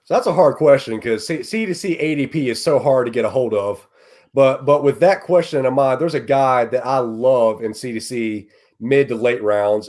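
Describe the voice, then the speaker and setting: A man's voice: medium pitch, a little mellow. A man appearing as a guest on a casual podcast, talking earnestly and often repeating words as he works out his point. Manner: earnest, repeats words while thinking aloud.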